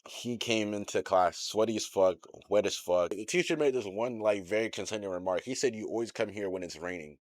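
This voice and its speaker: Young male host, deep low voice, loose profane slangy recap delivery. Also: brisk, few pauses, no room sound. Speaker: channel host recapping an anime episode. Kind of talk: casual recap commentary.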